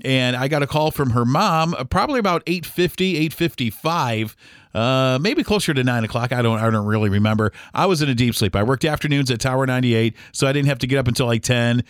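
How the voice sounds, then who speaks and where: A man's voice: medium pitch, brisk, dry recording. Middle-aged US man, podcast host, loose anecdotal delivery, dry booth sound. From United States. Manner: rambling, acts out remembered dialogue. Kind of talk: casual storytelling podcast.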